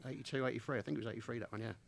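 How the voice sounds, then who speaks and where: A man guesting on a radio show, talking in a relaxed, quiet, self-deprecating way. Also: medium pitch, very fast, creaky. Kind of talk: casual radio chat.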